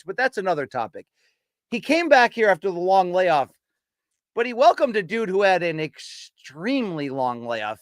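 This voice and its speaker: A man hosting a casual podcast, giving opinionated takes and running quickly through names and rankings. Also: high-pitched, fairly bright tone, no room sound. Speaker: podcast host. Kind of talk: casual boxing podcast chat.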